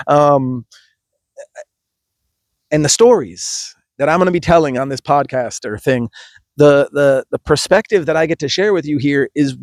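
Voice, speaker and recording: A man's voice: a little high, dry recording, clean studio sound. A man, a yoga teacher, giving an emphatic, passionate podcast monologue with frequent restarts.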